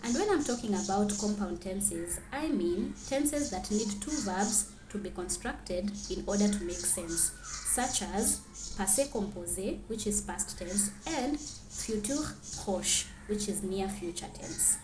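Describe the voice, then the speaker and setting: A woman teaching a grammar lesson, clearly reading out French example sentences and then translating them. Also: mid-range voice, expressive, measured pace, roomy sound, background noise.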